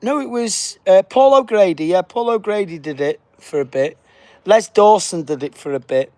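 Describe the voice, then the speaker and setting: A man's voice: high voice, normal speed, mellow, no room sound. A man hosting a casual livestream, chatting and reading viewer comments aloud. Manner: chatty, reads viewer comments aloud, says big up yourself; puts on a flight announcement voice. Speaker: livestream host.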